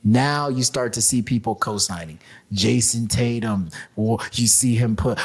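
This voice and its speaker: A man's voice: medium pitch, moderate pace. A man co-hosting a podcast, ranting with emphasis and laughing as he talks. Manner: animated, laughing, emphatic rants. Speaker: podcast co-host. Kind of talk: casual chat.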